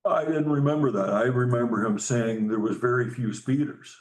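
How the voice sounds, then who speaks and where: A man on a township council chiming in with halting, chatty remarks and the odd joke. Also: medium pitch. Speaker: council member. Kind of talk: council meeting discussion. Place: council chamber. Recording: roomy meeting-room sound.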